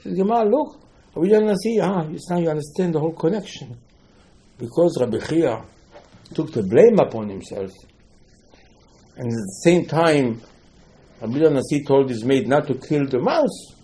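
A man gives a storytelling Torah class in a warm, mellow voice. He keeps repeating key phrases for emphasis and slips Hebrew terms into his English. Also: a little high, lively intonation, moderate pace, long pauses. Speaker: rabbi teaching Talmud.

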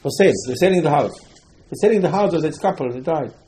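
A man's voice: a little high, lively intonation, fast talker, dark tone, poor audio. A man giving an informal religious talk, telling a story with many repetitions and emphatic rising outbursts. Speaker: religious teacher.

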